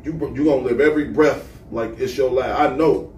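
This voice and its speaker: A man hosting a casual podcast chat, talking in an animated way, swearing and getting louder when worked up. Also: mid-range voice, fairly quick, distant mic. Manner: animated, swearing, rising to a near-shout when heated. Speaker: podcast host. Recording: echoey room, off-mic, faint noise.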